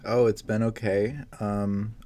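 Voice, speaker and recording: A man's voice: lowish voice, flat delivery, slow pace, dark tone. A young man from Oklahoma, a podcast guest chatting casually in a dry, matter-of-fact way.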